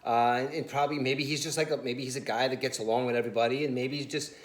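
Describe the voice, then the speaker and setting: A man talks football at a brisk clip, animated and full of fillers like "listen" and "you know." His voice carries a roomy echo, as if he is recording in a bare room. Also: medium pitch. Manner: animated, laughing storyteller, says "listen" and "you know" a lot. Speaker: sports show co-host. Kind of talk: casual sports chat.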